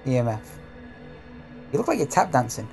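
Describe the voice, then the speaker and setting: A woman's voice: a bass voice, very animated, moderate pace, darkish tone, faint music behind. A woman with a British accent, bantering and joking in casual talk while streaming a ghost-hunting game. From Britain. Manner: joking, cheeky, mock-pleading.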